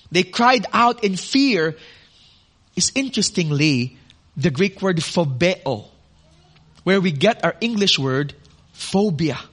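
A man preaching a sermon, expressive, asking the congregation questions and adding personal asides. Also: high-pitched. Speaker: pastor.

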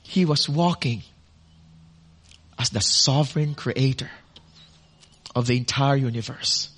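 A man preaching a sermon, expressive, asking the congregation questions and adding personal asides. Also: mid-range voice, slow, pauses often, husky. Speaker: pastor.

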